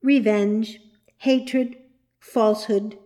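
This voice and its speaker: A woman voicing a male dream spirit in a storybook, dry, teasing and monotonous. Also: medium pitch, a little slow, natural voice.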